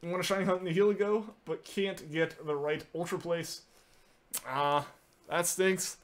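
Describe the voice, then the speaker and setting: Answering viewer messages while streaming a game, a man chats casually in a slightly high voice with fairly even intonation at normal speed. His speech is loaded with "like"s and restarts.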